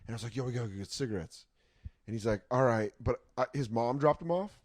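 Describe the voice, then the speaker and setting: A man's voice: mid-range voice, fast, darkish tone, no echo. Crude rambling man on a dry mic. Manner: crude, rambling anecdotes with acted-out quotes. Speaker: podcast co-host. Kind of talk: casual podcast banter, storytelling.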